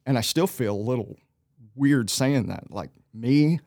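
A man in his forties, a church volunteer, speaking modestly and hesitantly with many pauses and fillers. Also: mid-range voice, expressive, a little mellow, no room sound, clean studio sound. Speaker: guest, church bass player and safety team lead. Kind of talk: casual interview chat.

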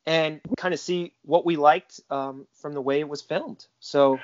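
A young man co-hosting a casual film discussion podcast, chatty and quick to laugh while retelling scenes. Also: fairly high pitch, fairly even intonation, no room sound, highs cut off. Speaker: podcast co-host.

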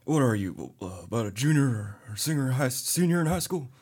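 A man voicing a male rock star, drawling and halting as he speaks. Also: medium pitch, expressive, a little mellow, husky. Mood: teasing.

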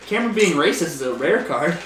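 Brief: young male podcast co-host, crude laughing banter, high lively voice, roomy and off-mic. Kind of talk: casual chat. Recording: echoey room, far from mic, faint noise.

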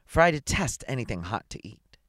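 A courteous, bewildered man fresh out of the moon speaks earnestly and politely, as a male reader puts him on. The voice is lively in pitch and recorded close and dry, like a bedtime storybook. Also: brisk, no echo.

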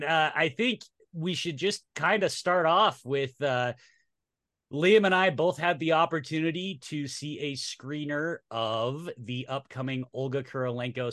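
A man's voice: medium pitch, a bit bright, dry recording, clean studio sound. A man hosting a podcast in casual chat, upbeat and teasing. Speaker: podcast host.

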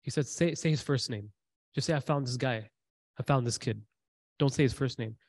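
A man's voice: medium pitch, normal speed, husky, no room sound. A man giving a sermon, retelling a story with quoted dialogue and repeated lines for emphasis. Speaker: preacher.

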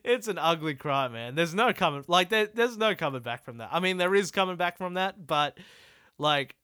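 A young Australian man rambles through a solo comedy podcast, swearing freely and poking fun at himself. His voice sits a little high for a man and sounds bright and clean. It is recorded close and dry. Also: expressive, moderate pace, clean tone, no room sound. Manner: rambling, sweary and self-deprecating. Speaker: podcast host.

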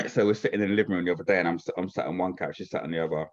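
A man's voice: low-pitched, animated, rapid-fire, dull audio. A man chatting casually, swearing freely and often asking whether he is understood. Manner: chatty, swears freely, keeps asking "do you know what I mean". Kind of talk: casual chat.

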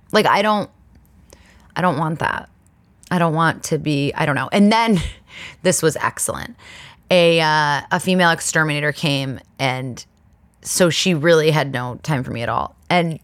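Woman podcaster rambling thru a story, kinda low voice, dry close sound. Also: dry recording. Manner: chatty, rambling, animated retelling with tangents. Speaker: podcast host. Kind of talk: casual storytelling monologue.

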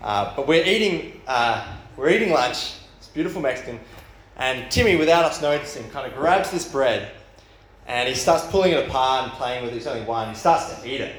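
A man's voice: medium pitch, brisk, reverberant. A man who is the pastor for youth and young adults, giving a sermon in a casual, storytelling way. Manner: casual storytelling with rising excitement. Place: church hall.

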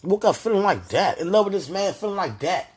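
A woman's voice: on the low side, big pitch swings, fairly quick, husky. A woman talking aloud to God in an emotional prayer, pleading and sighing, worked up and near tears. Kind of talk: emotional spoken prayer monologue.

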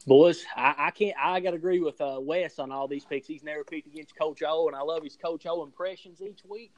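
A man's voice: fairly high pitch, fairly quick. A man co-hosting a casual sports picks podcast, agreeable and plain-spoken. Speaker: podcast co-host.

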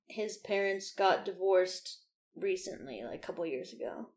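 A woman's voice: fairly low pitch, normal speed, darkish tone. A young woman chatting casually on a podcast, teasing her co-host with crude jokes and lots of fillers. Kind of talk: casual chat.

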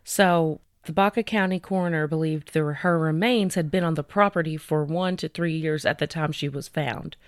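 A woman's voice: deep voice, steady tone, moderate pace, hardly any pauses, no room sound, studio quality. A woman co-hosting a casual true-crime podcast, relaying news stories from her notes with frequent fillers. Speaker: podcast co-host.

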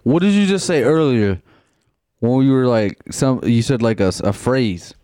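Lively, dry-sounding man co-hosting a podcast. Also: mid-range voice, moderate pace, smooth, dry recording. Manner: laid-back, directs guests. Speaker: podcast co-host. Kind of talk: casual live-stream chat.

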